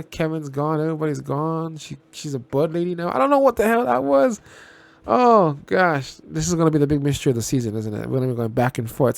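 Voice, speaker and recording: A man's voice: on the high side, vocal fry, a little mellow, no room sound. A man talking casually as a reaction video host, rambling, restarting and repeating himself, blunt and given to swearing.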